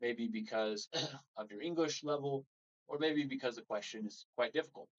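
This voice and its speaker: A man's voice: medium pitch, normal speed, highs cut off. A man teaching a live English lesson, explaining steadily and acting out sample phrases. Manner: relaxed explaining with example phrases, frequent "so" and "all right".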